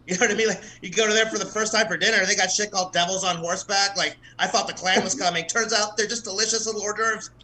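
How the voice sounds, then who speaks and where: A man's voice: sits high, fairly even intonation, fast, few pauses, bright, forceful tone, slight background noise, poor audio. A man from the American South doing a casual, profane stand-up set at an open mic, laughing at his own jokes. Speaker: stand-up comedian.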